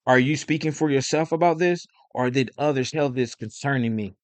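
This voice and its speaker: A man voicing a calm, solemn teacher on trial, speaking quietly and measuredly. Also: mid-range voice, a little fast, dry recording, natural voice.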